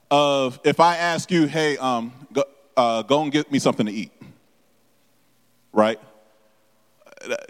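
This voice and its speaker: Male preacher, high voice, halting delivery, long hall echo. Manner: halting with many repeated words and fillers, addresses the congregation directly. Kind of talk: sermon.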